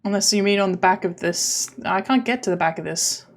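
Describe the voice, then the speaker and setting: A woman's voice: mid-range voice, fairly quick. Woman streamer muttering thru a scary game, hesitant, swears a lot. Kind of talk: live gaming commentary.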